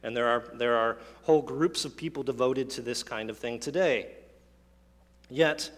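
A male pastor delivers an earnest sermon, pressing his points home through emphatic repetition. His mid-pitched voice carries a long reverb from the church hall around him. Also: a little slow.

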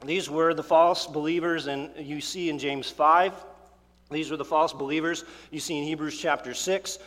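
A male pastor preaching with earnest emphasis, his voice sitting a little high for a man. He presses on key words and pauses between phrases. The sound hangs in a long hall reverb. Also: steady tone, fairly bright tone. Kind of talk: sermon.

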